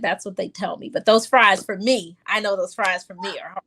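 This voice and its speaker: A middle-aged woman pediatrician talking casually in a podcast interview, often acting out quick exchanges with her young patients. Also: medium pitch, steady tone, pushed and bright, breathy edge. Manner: chatty, acts out patient exchanges in quick quoted voices. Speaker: pediatrician guest.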